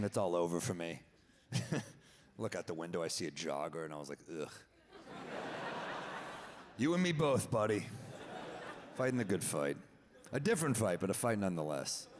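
A lowish-voiced man in his thirties delivers stand-up on a stage mic, dry and deadpan, voicing both sides of the conversations himself. The sound carries a long theater reverb. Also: slight background noise. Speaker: stand-up comedian. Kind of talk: stand-up set. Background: audience laughter.

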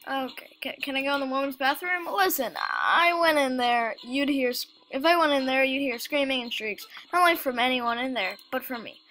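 A woman giving casual game commentary, halting and stammering as she reads the game text aloud. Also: high-pitched, pushed and bright, a little hiss or hum, low-quality recording. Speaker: let's play host.

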